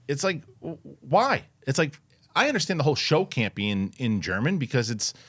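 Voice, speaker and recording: A man hosting a casual chat show, talking in an animated, rambling way with many restarts and fillers. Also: mid-range voice, fairly quick, dry recording. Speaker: host.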